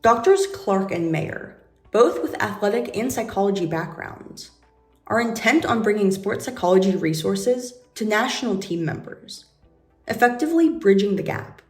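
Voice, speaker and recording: A woman reading scripted narration in a measured, formal way. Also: medium pitch, animated. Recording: roomy, distant voice-over with music.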